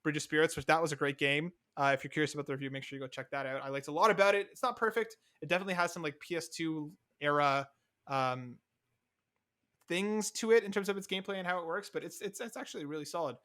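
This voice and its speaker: A young adult man co-hosting a casual podcast, talking fast and animated, often cutting in over his co-host. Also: a little high.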